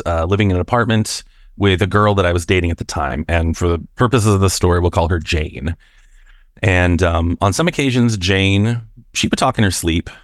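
A man's voice: low-pitched, no room sound, studio quality. A man from Washington State calling into a show, telling a story casually and chattily with many fillers and restarts. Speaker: caller.

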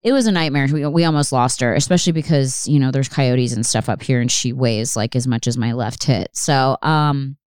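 A woman with a low, smooth voice hosts her podcast in loose, rambling chat. She swears freely and fills her sentences with "like." The sound is dry and close, with no room around it. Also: fairly quick, few pauses, a little mellow, no room sound. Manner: rambling, frequent swearing, many "like" fillers. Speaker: podcast host. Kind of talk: casual chat.

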